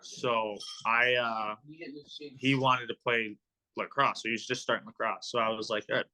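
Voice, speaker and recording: Bright-voiced young man telling hockey stories. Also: fairly low pitch, little pitch movement, moderate pace, slight background noise. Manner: rambling, filler-heavy storytelling. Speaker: guest, professional hockey player. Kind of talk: casual podcast interview.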